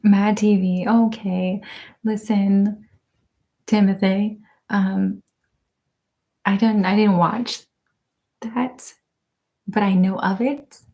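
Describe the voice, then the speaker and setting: A woman hosting an ASMR live stream in casual chat with her viewers. She is soft-spoken, often drifts into whispers and laughs a lot. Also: mid-range voice, fairly even intonation, takes it slowly, creaky, pauses often. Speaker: ASMR channel host.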